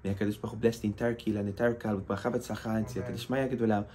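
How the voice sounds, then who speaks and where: A man's voice: lowish voice, fairly even intonation, very fast, a little mellow. A man giving a sermon as a rabbi, impassioned and emphatic, weaving Hebrew terms into his teaching.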